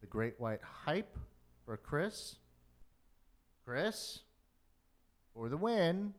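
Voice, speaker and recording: A man with a slightly high voice runs a movie-rating quiz on a casual podcast. He announces the scores and adds wry asides. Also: very animated, drawn-out words. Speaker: game host. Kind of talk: casual chat.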